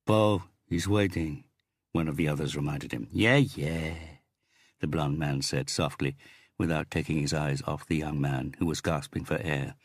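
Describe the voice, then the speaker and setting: A man reading a thriller audiobook in a steady, grave storytelling manner. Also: a bass voice, normal speed, husky, no echo, studio quality. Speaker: audiobook narrator. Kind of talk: scripted audiobook narration.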